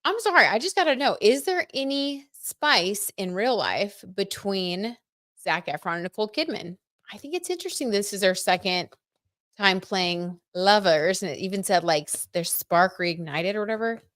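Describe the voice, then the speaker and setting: The clean, dry studio recording captures a woman reading tarot on a livestream, talking straight to her audience in a chatty, giggly way. Her mid-range voice is expressive and fairly bright, at a moderate pace.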